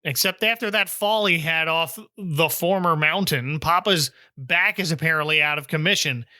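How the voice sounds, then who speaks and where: Brief: man in his thirties or forties, joking podcast host, slightly high voice. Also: moderate pace, pushed and bright, no room sound, clean studio sound. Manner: wry, joking recapper. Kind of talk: casual chat recapping a cartoon.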